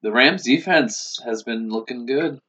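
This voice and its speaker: A man's voice: mid-range voice, a little slow, sharp tone. A man co-hosting a sports podcast, breaking down games in a hesitant way with frequent "uh" and "you know". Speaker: podcast co-host. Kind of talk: casual sports analysis. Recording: dull lo-fi podcast audio.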